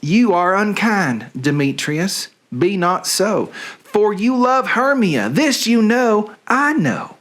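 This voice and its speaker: Man reading an earnest young lover in a high, unhurried Southern accent. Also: big pitch swings, fairly bright tone, heavily acted. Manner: reads Shakespeare verse in a put-on drawl.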